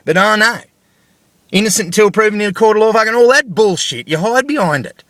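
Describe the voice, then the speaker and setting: A middle-aged Australian vlogger rants angrily to camera in a monologue packed with swearing and repeated rhetorical questions. His voice is high-pitched, expressive, brisk and fairly bright, with no room sound.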